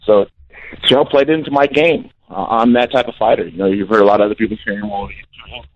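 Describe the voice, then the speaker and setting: Low-voiced man on a dull phone line. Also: fast. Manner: blunt, intense, repeats himself. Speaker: guest fighter calling in. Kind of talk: phone-in interview. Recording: dull lo-fi call-in audio.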